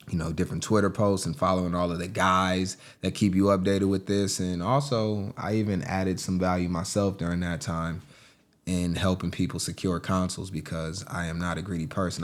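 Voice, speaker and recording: A man, a gaming vlogger, chatting casually to viewers as "team" while walking through listings on screen, with excitable bursts. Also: sits low. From United States. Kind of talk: casual screen-recording commentary.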